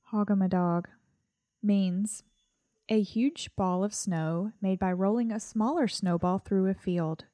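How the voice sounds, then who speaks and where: A woman with a mid-pitched voice co-hosts a podcast, chatting casually and playfully. She pushes back when teased, recorded close and dry. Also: slow, dark tone, no room sound. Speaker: podcast co-host. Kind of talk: casual banter.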